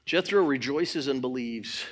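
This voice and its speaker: A middle-aged man preaching a sermon in church, swinging between loud exhortation and quiet talk. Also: medium pitch, lively intonation, measured pace, husky. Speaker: pastor.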